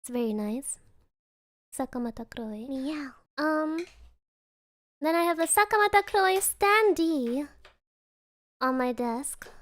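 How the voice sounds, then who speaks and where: Giggly high-voiced woman streamer. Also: expressive, slow pace, pauses often. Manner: giggly, sprinkles Japanese words. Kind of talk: casual chat stream.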